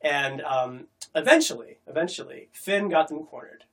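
A man retelling an old legend in a casual, animated chat. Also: fairly high pitch, moderate pace. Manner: animated, acts out the quotes.

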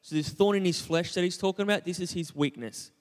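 In a large hall, a young pastor delivers a relaxed, conversational sermon, making self-deprecating jokes and asking his congregation questions. He speaks fast in a high-pitched voice.

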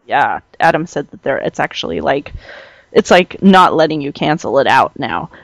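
Casting note: chatty woman host, lively swooping pitch, quick to laugh, dry close sound. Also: vocal fry, no echo. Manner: bubbly, laughs often, animated storytelling. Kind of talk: casual chat.

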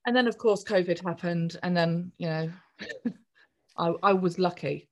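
A woman, a podcast guest chatting through a personal story in a jolly, animated way. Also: on the low side, measured pace. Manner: chatty, jolly, acts out voices in quoted speech.

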